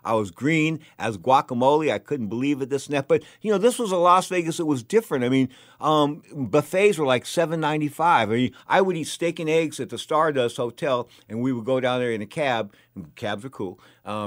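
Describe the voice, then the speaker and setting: A man's voice: a little fast, few pauses, no echo, clean studio sound. Rambling, emphatic man telling stories. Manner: rambling, emphatic, gets loud and high when worked up. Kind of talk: storytelling monologue.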